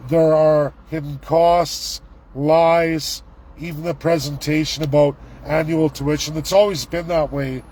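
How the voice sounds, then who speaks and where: A middle-aged man, live-vlogging from a city street on his phone, ranting and repeating excited exclamations. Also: on the high side, slight background noise, low-quality recording. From Canada. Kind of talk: live street vlog commentary. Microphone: handheld phone camera.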